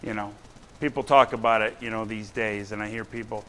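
Male preacher, church sermon, bright tense voice, blunt, talks straight to the congregation. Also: fairly low pitch, fairly even intonation, fairly quick, a little hiss or hum. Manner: blunt conversational preaching, keeps asking "right?".

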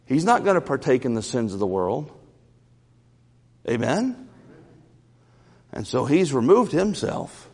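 A man preaching a sermon in a church, lively, often repeating and stumbling over his first words. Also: mid-range voice, unhurried, creaky, pauses often, husky. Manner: animated, repeats words, stammers at starts. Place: church sanctuary. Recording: reverberant church hall.

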